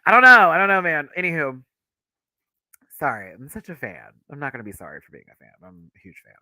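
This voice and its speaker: A man hosting a livestream, chatting casually as an excitable fan who gushes and laughs often. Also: fairly high pitch, fairly quick, dry recording. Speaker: livestream host.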